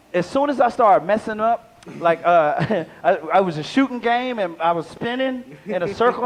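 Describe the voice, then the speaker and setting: Older male comic with a high voice, loose and rambling live set, chuckling through his punchlines. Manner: rambling, playful, laughs at own jokes. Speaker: stand-up comedian, guest. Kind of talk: live stand-up comedy. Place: live comedy venue with audience.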